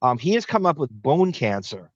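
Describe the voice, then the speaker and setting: A man hosting a podcast in casual chat, sardonic and quick with asides. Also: medium pitch, big pitch swings, no room sound. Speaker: podcast host. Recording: dull dry lo-fi sound.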